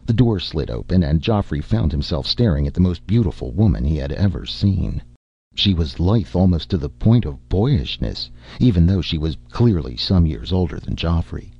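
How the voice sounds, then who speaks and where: A man reading a story aloud as a narrator, in measured scripted narration. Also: low voice, animated, creaky, warm tone, husky, muffled recording. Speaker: audiobook narrator.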